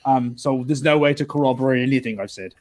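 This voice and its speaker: A man's voice: mid-range voice, fast talker, darkish tone, slight background noise. A man playing in a tabletop role-playing game, talking casually and animatedly with lots of fillers and rambling asides. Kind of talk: casual in-character and table chat.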